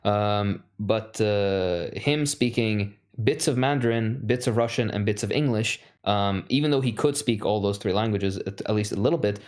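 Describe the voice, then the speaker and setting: A man in casual podcast chat, telling stories in a relaxed way with fillers. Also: on the low side, moderate pace, hardly any pauses.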